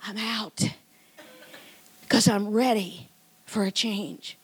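A woman in her sixties preaching a sermon in church, moving from loud emphatic lines to hushed, whispered ones. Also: mid-range voice, fairly even intonation, slow, husky. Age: 60s.

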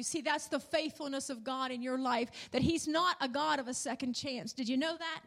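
High-voiced woman preaching a sermon. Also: moderate pace, gravelly, a bit bright. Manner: emphatic, rising and falling, repeated hallelujahs. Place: church in front of a congregation.

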